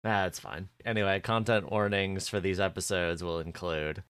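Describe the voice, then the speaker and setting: A man co-hosting a casual podcast, relaxed and a little halting as he talks. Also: deep voice, clear, resonant tone, no room sound. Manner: relaxed, a bit halting with restarts. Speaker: podcast co-host.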